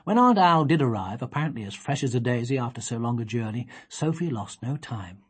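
A woman reading a children's story aloud, expressive and gently measured. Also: rumbling low, husky. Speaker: reader.

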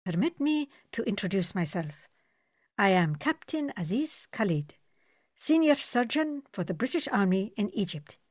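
A woman voicing a grave, formal male army surgeon who speaks in measured tones. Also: mid-range voice, big pitch swings, darkish tone, dry recording.

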